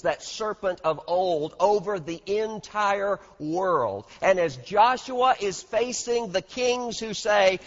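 Male pastor, emphatic slow sermon delivery, dull recording with long hall reverb. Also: sits high. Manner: dramatic, emphatic, swells in volume on key points. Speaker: preacher. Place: large church hall.

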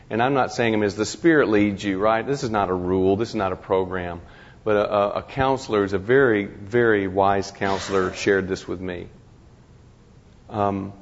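A man with a low, gravelly voice gives an informal lecture, talking conversationally and stumbling over restarts while slipping in wry jokes at his own expense. The recording is dull and lo-fi, and it carries a long reverb from a large hall. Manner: conversational, halting restarts, wry self-deprecating humor. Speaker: guest speaker to a ministry class.

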